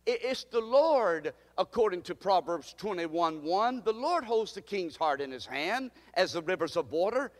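A man preaching a sermon as pastor, leading the congregation in call-and-response, swinging between slow, loud declarations and quick asides. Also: sits high, in a large hall.

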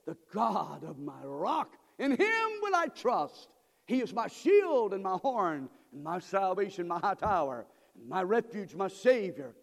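High, lively preacher man. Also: a little slow, creaky, hardly any pauses. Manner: call-and-response preaching, swings from quiet to shouting. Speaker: pastor. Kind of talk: sermon. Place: church sanctuary. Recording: long reverb from a church hall.

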